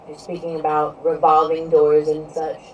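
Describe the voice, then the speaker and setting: A woman's voice: low voice, completely flat delivery, normal speed. A woman live-streaming and chatting casually with her viewers, rambling from topic to topic and filling her talk with "you know". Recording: distant mic with faint background noise.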